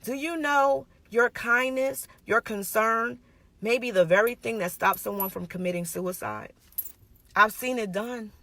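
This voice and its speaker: A woman's voice: a little high, measured pace, fairly bright tone, no echo. A woman giving an earnest, conversational sermon, emphatic and personal, repeating her points. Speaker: minister.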